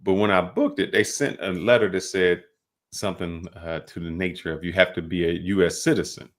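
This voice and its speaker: Deep-voiced man hosting a podcast. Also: fairly even intonation. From United States. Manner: loose storyteller, drawn-out fillers and restarts. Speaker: podcast host. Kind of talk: casual podcast chat.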